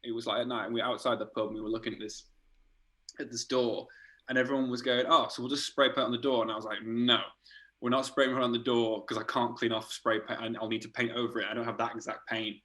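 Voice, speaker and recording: A man, an art director, casually telling animated stories in a podcast chat, laughing and swearing as he goes. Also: medium pitch, fast, low-quality recording.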